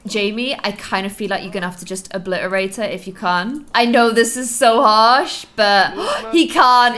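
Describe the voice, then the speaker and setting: A young woman talks through her gameplay in a bright, high voice that swings up and down constantly. She gasps, teases and scolds the characters on screen like a fond onlooker. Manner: animated, gasping, teasing asides to players. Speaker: let's play host. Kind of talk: casual gameplay commentary.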